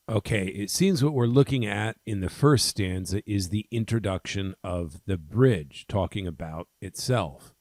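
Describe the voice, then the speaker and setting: Deep-voiced man tutoring a poem. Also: a little slow, hardly any pauses, darkish tone, dry recording. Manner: explains step by step, with ums and okays. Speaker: test prep tutor. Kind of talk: poem walkthrough lesson.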